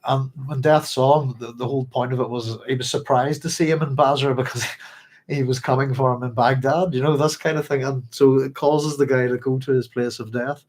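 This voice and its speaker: A man with a steady, medium-pitched, slightly mellow voice talks a little fast as he hosts a casual book club livestream. Between reading passages aloud he rambles on in a chatty way and chuckles often.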